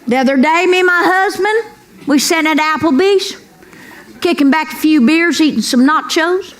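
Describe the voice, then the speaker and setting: High-pitched Southern woman doing stand-up. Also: moderate pace, soft background music. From Kentucky. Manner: folksy, brash storytelling with Southern slang. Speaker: stand-up comedian. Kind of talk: stand-up comedy routine. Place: comedy club stage before a laughing audience. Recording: live club recording with crowd noise.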